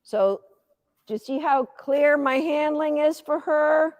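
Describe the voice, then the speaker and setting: A woman in her fifties, a dog agility coach giving a live teaching demo, chatty and energetic, cheering the dog on. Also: high voice, takes it slowly, dry recording.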